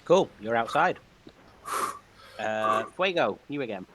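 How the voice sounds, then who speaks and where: Man, game master, laid-back, casual, chuckling, medium pitch. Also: lively intonation, slow pace, fairly bright tone, slight background noise. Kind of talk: running a tabletop game over voice chat.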